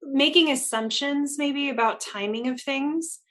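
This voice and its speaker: A woman talking on a casual chat show with a voice sitting a little high. She is blunt and candid, swearing freely and acting out other people's words as she goes. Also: measured pace, a bit bright.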